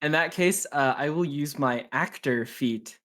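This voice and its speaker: Very low-voiced woman player, halting. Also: fairly bright tone. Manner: halting, many likes and uhs. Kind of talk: casual tabletop play.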